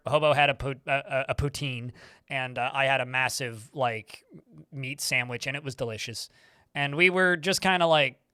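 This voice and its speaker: Bright, chatty male streamer. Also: medium pitch, no room sound, clean studio sound. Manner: rambling, chatty, swears casually, frequent restarts. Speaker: game streamer. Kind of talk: casual live-stream storytelling.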